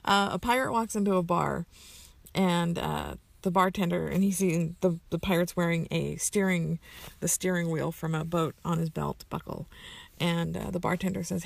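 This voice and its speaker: A woman's voice: lowish voice, fairly even intonation, normal speed, creaky. A woman casually answering a list of questions, rambling with lots of fillers and self-corrections. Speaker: community member answering questions.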